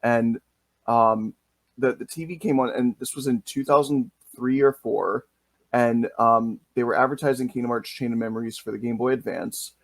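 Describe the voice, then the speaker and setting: A man's voice: medium pitch, fairly even intonation, moderate pace, dry recording. A man hosting a podcast interview, telling stories with enthusiasm and animation. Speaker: podcast host. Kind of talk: casual interview talk.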